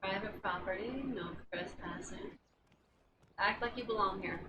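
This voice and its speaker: A woman's voice: mid-range voice, a little slow. A woman streamer teasing her co-player in playful, casual gameplay chat. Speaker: gaming streamer. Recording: distant mic with background noise.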